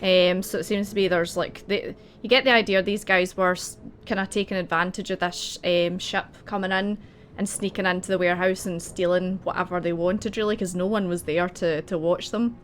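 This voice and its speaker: A woman's voice: on the low side, fairly even intonation, moderate pace, slight background noise. A woman narrating as game master in a casual, giggly way, searching for words with many ums. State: hiccups.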